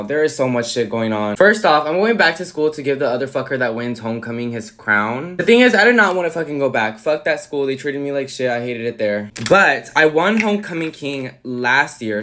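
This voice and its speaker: A man's voice: medium pitch, a bit bright. Sassy, foul-mouthed young man vlogging. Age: young adult. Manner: profane, sassy storytelling. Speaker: influencer. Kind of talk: casual get-ready-with-me vlog.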